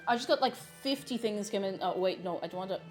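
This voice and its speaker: A woman's voice: mid-range voice, fast talker, over music. An Irish woman live-streaming from her kitchen while baking, chatting casually, reading viewers' messages aloud and laughing often.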